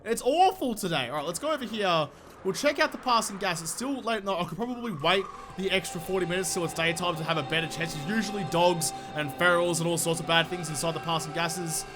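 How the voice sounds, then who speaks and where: A man doing let's play commentary, excitable and sweary, talking to the enemies he fights, his voice a little off from being sick. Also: high voice, fast talker, over music. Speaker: gaming YouTuber.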